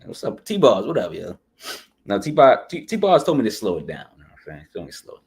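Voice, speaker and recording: Low-voiced man chatting through a review. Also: huge pitch swings, a little fast, slightly rough. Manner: loose and chatty, full of shout-outs and asides, often saying "you know what I'm saying". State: runny nose. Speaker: podcast host reviewing an album. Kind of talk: casual music review chat.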